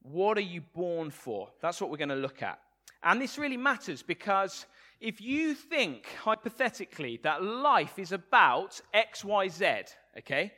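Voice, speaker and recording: Guy preaching, jokey, keeps asking the crowd stuff, high bright voice. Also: sing-song, a little slow. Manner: playful, asks the congregation questions. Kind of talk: sermon.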